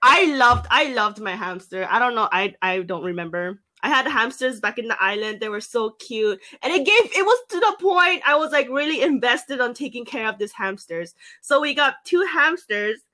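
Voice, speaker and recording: Chatty young woman, bright voice. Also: on the high side, lively intonation. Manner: chatty, fills every pause with "like", acts out her own past lines. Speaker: podcast co-host. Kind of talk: casual storytelling chat.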